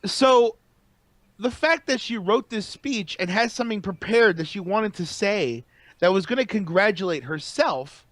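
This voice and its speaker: A man co-hosting a casual wrestling podcast, animated, emphatic and profane. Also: sits high, unhurried, dry recording. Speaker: podcast co-host.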